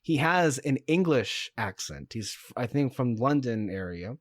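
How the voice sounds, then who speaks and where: Male podcast co-host, mid-pitched, animated, halting delivery, dry close mic. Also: no echo. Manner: hesitant, many fillers and self-corrections. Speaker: podcast co-host reviewing a TV series. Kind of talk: casual podcast chat.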